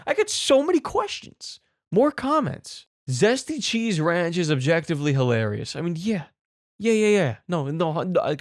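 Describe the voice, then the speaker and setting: Incredulous ranting man, animated pitch. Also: no room sound, clean studio sound. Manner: incredulous, swearing, repeats questions for effect. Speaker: comedy show host. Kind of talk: comedic rant reacting to clips.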